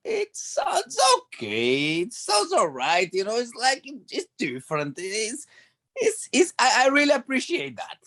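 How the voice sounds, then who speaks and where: Brazilian man with a high voice. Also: wildly swooping pitch, a bit bright. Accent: Brazilian Portuguese. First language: Portuguese. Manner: halting, laughs often, restarts. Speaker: guest, former footballer. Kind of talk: podcast interview.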